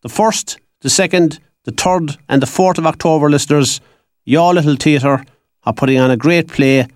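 A man's voice: fairly high pitch, moderate pace, no echo, clean studio sound. A man with an Irish accent, a radio presenter who chats playfully and rambles, tripping over his words. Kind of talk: casual chat. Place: radio studio.

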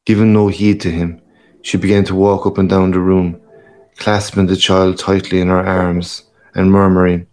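A man reading a literary story aloud in a measured, grave manner. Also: low voice, level tone, darkish tone. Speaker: narrator. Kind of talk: audiobook reading.

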